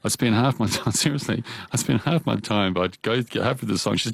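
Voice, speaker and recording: A man with a New Zealand accent, an opera singer, telling stories from his early life in a relaxed, chatty way with frequent laughs. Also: medium pitch, a little fast, creaky, no room sound. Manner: chatty, laughs often, animated quoting. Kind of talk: relaxed storytelling.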